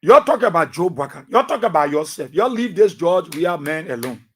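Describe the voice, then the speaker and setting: A man's voice: on the high side, big pitch swings, fairly quick, slightly rough. A middle-aged man with a Liberian English accent, hosting a radio talk show with emphatic, repetitive commentary. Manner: emphatic, repetitive, swings between soft asides and loud outbursts.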